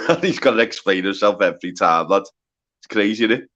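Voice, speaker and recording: A man hosting a casual livestream chat, swearing a lot and talking in quick bursts full of filler words. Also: fairly low pitch, animated, fairly bright tone, highs cut off. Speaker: livestream host.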